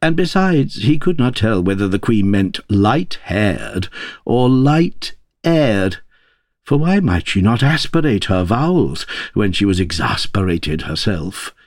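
A man reading a fairy tale aloud as narrator with expressive, playful delivery. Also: fairly low pitch, a little slow, no echo, clean studio sound. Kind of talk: storybook read-aloud.

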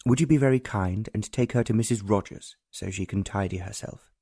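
A deferential English official, as a male narrator voices him in a storybook reading, formal and courteous, pitched a little lower and quieter than the narration. The tone is mellow and dry. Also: fairly quick, gravelly, slightly rough, no echo. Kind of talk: audiobook narration.

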